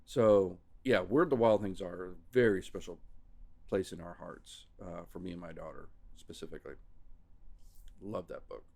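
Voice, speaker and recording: A man's voice: low voice, normal speed, creaky, a little mellow. A man hosting a podcast, chatting casually and rambling about books, often restarting his sentences. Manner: rambling, restarting, self-interrupting. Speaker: podcast host.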